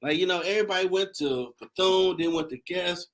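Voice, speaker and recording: A man hosting a casual chat, telling animated, laughing stories in slangy talk. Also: high-pitched, fairly quick. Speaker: host.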